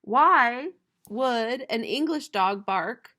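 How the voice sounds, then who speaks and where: A young woman teacher reads a picture book aloud to her class at an unhurried pace. Her voice sits a little high, and she bursts into bright, loud imitations of roosters, trains and dogs. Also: expressive. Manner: slow, playful reading with bright, loud animal-sound imitations.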